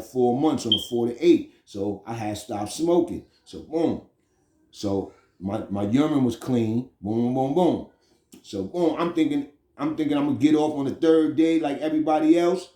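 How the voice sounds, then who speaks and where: A man's voice: medium pitch, roomy sound. Streetwise New York man telling a story. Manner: streetwise, animated, repeats "you know what I'm saying". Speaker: storyteller recounting prison experiences. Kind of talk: casual storytelling monologue.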